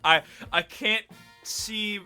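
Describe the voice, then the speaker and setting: A man's voice: high-pitched, extremely slow, bright, forceful tone, soft background music. A man streaming a game, chatting casually with sarcastic, joking asides. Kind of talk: casual let's-play commentary.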